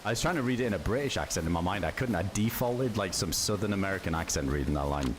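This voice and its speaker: A man with a low, deep voice talks loosely through a survival game livestream, reacting to viewers and cursing offhand. There is a steady hiss of background noise under his voice. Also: quick pace. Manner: relaxed, chatty, swears casually, reacts to chat. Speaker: game streamer. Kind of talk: casual livestream commentary.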